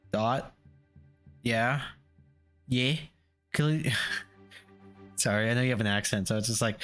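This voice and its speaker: A man's voice: mid-range voice, expressive, normal speed, long pauses, a bit bright, soft background music. A man streaming a video game, chatting casually and profanely with his viewers in a rambling, joking way. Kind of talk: casual live-stream chat while gaming.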